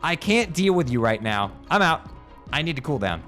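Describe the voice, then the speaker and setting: A man reading game dialogue aloud during a playthrough, swinging between loud outbursts and low mutters. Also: big pitch swings, moderate pace, soft background music.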